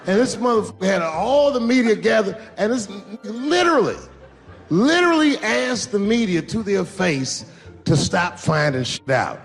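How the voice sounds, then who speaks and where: A male stand-up comedian telling profane stories with animated delivery, often breaking into shouts. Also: high voice, normal speed, vocal fry, soft background music, some chatter behind. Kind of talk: stand-up set. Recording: large venue with long reverb, faint noise.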